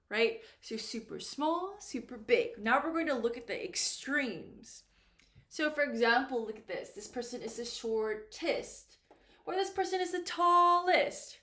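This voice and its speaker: A woman teaches English grammar patiently, repeating key words and checking that her students are following, in a slow, clear classroom explanation. Her voice is a little high and a bit bright, and the room is echoey.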